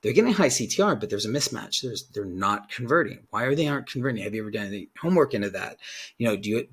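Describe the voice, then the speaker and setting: A man's voice: on the low side, quick pace, slightly rough. A man who works as a digital ad consultant, explaining in a casual rambling way, often restarting and acting out what clients say. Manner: rambling, self-correcting, lively, quotes clients aloud. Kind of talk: casual talking-head explainer.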